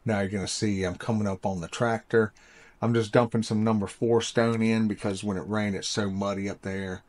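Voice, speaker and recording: A man's voice: on the low side, fairly even intonation, normal speed, darkish tone, no echo. A middle-aged man casually narrating his construction project, plain-spoken and explaining each step as he goes. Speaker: builder and channel host.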